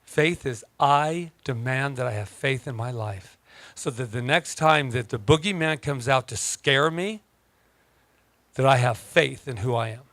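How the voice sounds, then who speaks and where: A man's voice: medium pitch, a little slow, fairly bright tone, no echo. A man preaching a sermon as a minister, joking in a conversational way and then turning emphatic. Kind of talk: playful sermon. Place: church service.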